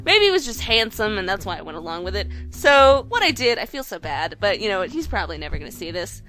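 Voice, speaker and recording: A woman vlogger telling a story in a casual, animated way, swearing now and then. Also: medium pitch, fast talker, faint music behind. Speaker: game dev vlogger.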